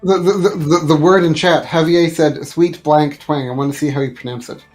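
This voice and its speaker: A man's voice: fairly high pitch, fairly even intonation, moderate pace, darkish tone, soft background music. A man joking in casual chat while playing a game, often stumbling over his words.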